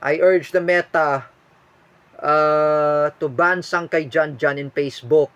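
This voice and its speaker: Filipino man vlogger, slow halting delivery, slightly raised pitch, dull lo-fi sound. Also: steady tone, fairly bright tone, smooth, no echo. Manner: halting, many fillers and restarts. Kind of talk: personal video statement.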